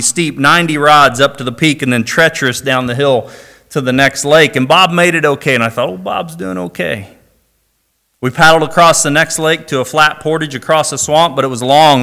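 A man's voice: mid-range voice, sharp tone. A middle-aged man from Indiana preaching a sermon, reading scripture and then telling a personal story with dry humor. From Indiana, USA.

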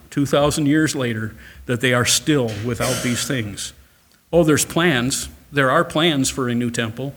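A man preaching a sermon, reading scripture aloud and rising to loud, emphatic passages. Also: mid-range voice. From Catholic upbringing. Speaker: pastor.

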